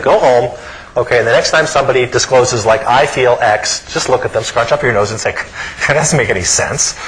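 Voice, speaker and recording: A middle-aged man giving a psychology lecture in an animated way, often pausing to ask his listeners "okay?". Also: mid-range voice, low-quality recording. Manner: animated, frequent "okay?" check-ins.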